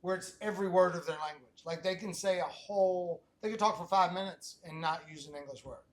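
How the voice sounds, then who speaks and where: A man's voice: high-pitched, brisk. Middle-aged guy hosting a podcast, rambly questions, keeps restarting his sentences, casual chat. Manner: rambling, self-interrupting questions. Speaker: podcast host.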